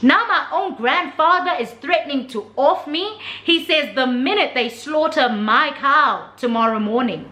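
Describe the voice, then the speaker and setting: A young woman with a South African accent telling a storytime vlog in an animated, dramatic way. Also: high-pitched, unhurried, hardly any pauses. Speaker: vlogger. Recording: roomy with faint noise.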